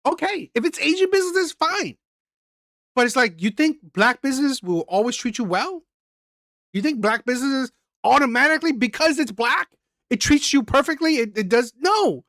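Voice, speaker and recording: A woman's voice: high-pitched, expressive, moderate pace, fairly bright tone, dry recording. Blunt, profane woman ranting on a dry mic. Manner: blunt, profane, fires off repeated rhetorical questions. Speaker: reaction channel host. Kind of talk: ranting commentary.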